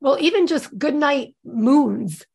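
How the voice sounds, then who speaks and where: A woman's voice: high-pitched, lively intonation, slow pace, gravelly, a little mellow. A woman co-hosting a casual podcast, chatty and agreeable. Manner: chatty, agreeable, laughs often. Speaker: podcast co-host. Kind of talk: casual chat.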